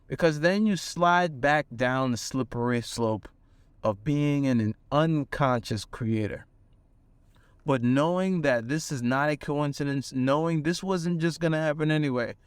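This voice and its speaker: A man's voice: mid-range voice, smooth, no room sound. Earnest man telling a story. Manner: earnest, animated storytelling with fillers. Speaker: manifestation coach. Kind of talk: personal story to camera.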